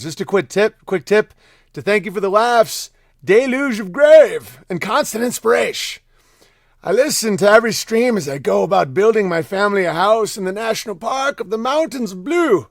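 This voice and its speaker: Male stream host with a high voice, reads viewer tips and riffs casually, dry close-miked sound. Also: lively intonation, gravelly, no room sound. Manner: loose, rambling, laughs often, shifts between quick and drawn-out phrasing. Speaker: podcast host reading viewer messages. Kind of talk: casual livestream chat.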